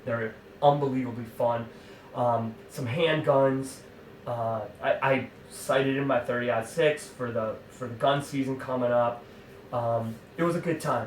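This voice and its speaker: A man tells a rambling hunting story in an animated, exasperated way, stopping often for fillers and asides. His voice sits at a middling pitch and sounds roomy, picked up from some distance, with a faint hum underneath. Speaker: hunting club member telling a story. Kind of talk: casual spoken anecdote.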